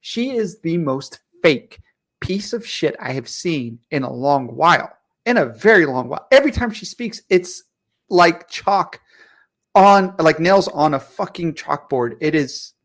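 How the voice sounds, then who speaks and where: Male podcast co-host, slightly high voice, emphatic, profane rants. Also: animated, measured pace, a bit bright. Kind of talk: casual podcast chat.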